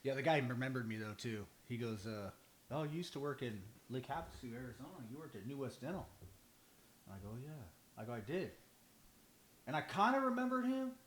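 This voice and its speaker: A man's voice: medium pitch, animated, brisk, fairly bright tone, reverberant, a little hiss or hum. A man telling stories in a casual podcast chat, acting out both sides of each conversation. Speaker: band drummer, podcast regular.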